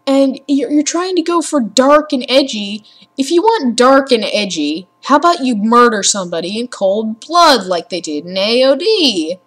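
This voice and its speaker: A young woman rambling casually as a gaming vlogger at her home computer, sarcastic and prone to swearing and ranting. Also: a little high. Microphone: computer mic with headphones.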